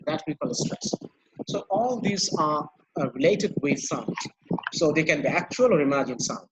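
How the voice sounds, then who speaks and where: Bangladeshi male lecturer, quick and noisy. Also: a little high, very animated. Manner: explains patiently, repeats points, asks the class questions. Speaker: university lecturer. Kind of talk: online lecture, switching between English and Bengali.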